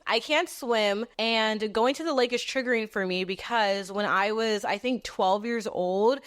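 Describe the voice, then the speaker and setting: Candid, swearing young woman podcaster. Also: medium pitch. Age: 20s. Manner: candid, profane, animated storyteller. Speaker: podcast host. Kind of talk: casual storytelling monologue.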